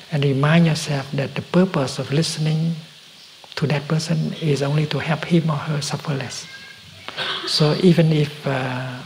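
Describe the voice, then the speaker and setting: A man giving a slow, gentle dharma talk as a meditation teacher, halting often and dropping to a soft whisper at times. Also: a little high, slight background noise, low-quality recording.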